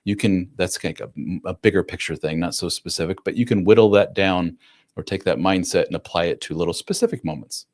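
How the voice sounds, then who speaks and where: Deep-voiced man chatting on a livestream. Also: fairly quick, a little mellow. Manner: conversational, many fillers and restarts, reads comments aloud. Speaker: livestream host answering viewer comments. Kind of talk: casual live chat.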